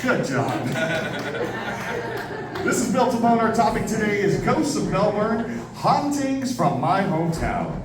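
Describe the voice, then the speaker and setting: Lively man hosting a convention panel. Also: high-pitched, measured pace. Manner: playful, leads the crowd in call-and-response. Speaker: event host introducing a speaker. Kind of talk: lively stage introduction with crowd participation. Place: convention hall with an audience. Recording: echoey hall, heard from a distance, noisy crowd.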